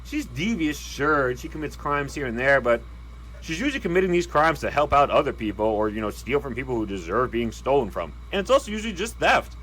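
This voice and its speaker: Animated, exasperated male commentator. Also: mid-range voice, brisk, a little hiss or hum. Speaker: video commentator. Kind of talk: ranking commentary.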